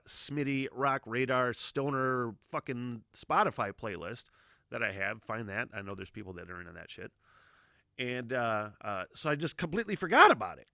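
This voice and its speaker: Middle-aged guy rambling about music, bright tense voice, swears a lot, dry close mic. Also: medium pitch, no room sound. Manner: rambling, swears freely, many fillers. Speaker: music reaction host. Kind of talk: casual reaction commentary.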